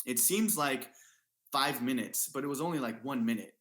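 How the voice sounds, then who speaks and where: Male guest, earnest storyteller, average pitch, roomy echo on the voice. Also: moderate pace, a bit bright. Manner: earnest, repeats himself, lots of fillers. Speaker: guest athlete. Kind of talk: casual storytelling.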